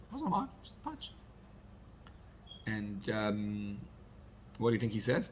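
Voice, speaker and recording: A man's voice: fairly low pitch, wildly swooping pitch, measured pace, slight background noise. A man, a rabbi, teaching a class in a conversational way, telling personal stories and dropping Yiddish and Hebrew terms.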